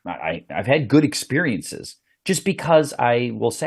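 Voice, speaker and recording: Brief: male police podcast host, husky and low, lively up-and-down delivery, earnest. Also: a little slow, hardly any pauses. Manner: earnest, repeats words as he thinks. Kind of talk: casual interview chat.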